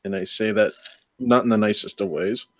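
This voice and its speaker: A man's voice: on the low side, normal speed, fairly bright tone, dry recording. A man co-hosting a casual podcast, throwing in dry wisecracks. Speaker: podcast co-host. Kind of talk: casual chat.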